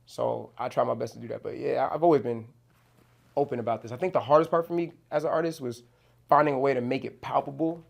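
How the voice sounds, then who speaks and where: Fast-talking gravelly young man. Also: mid-range voice. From New Jersey. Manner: loose, slangy, swears, many "you know what I'm saying". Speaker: rapper guest. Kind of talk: casual interview chat.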